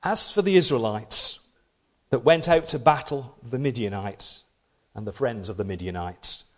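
A man's voice: medium pitch, moderate pace. A man preaching a sermon, reading scripture dramatically and adding playful asides. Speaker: pastor.

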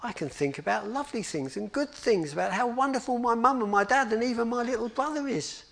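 Storybook figure: a fretful young girl, as a storyteller puts her on, high and lively. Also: brisk, vocal fry, full character voice. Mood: eager. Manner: worried, pleading. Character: upset young girl, anxious and tearful.

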